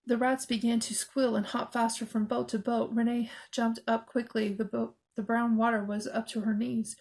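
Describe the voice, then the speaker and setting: Female audiobook narrator for a kids' scary book, steady and expressive, slightly high pitch. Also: moderate pace, low-quality recording. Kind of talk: reading a children's horror novel aloud.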